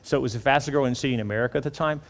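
A man from Houston, Texas preaching a storytelling sermon as a pastor, animated and acting out the dialogue he quotes. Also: medium pitch, racing. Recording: long reverb of a large hall.

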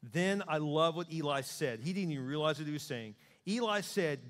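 Animated preacher in a reverberant hall. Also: male voice, on the high side, normal speed, hardly any pauses. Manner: animated preaching, acting out voices of God and people praying. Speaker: pastor. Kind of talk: sermon.

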